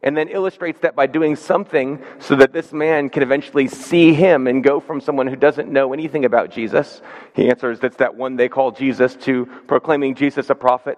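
Earnest male pastor preaching in a reverberant hall. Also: mid-range voice. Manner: earnest, measured preaching with slow emphatic stresses. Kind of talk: sermon. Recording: dull sound with long hall reverb.

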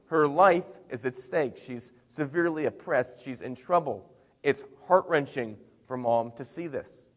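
Brief: middle-aged male pastor, mid-pitched, conversational sermon delivery with emphatic swells. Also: measured pace, in a large hall. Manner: conversational preaching with swings in loudness and emphasis.

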